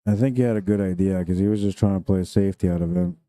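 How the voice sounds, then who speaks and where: Deep, dark-voiced pool commentator, a man. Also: steady tone, quick pace, no room sound. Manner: chatty, jokey, laughs often. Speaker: pool tournament commentator and streamer. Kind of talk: live stream commentary.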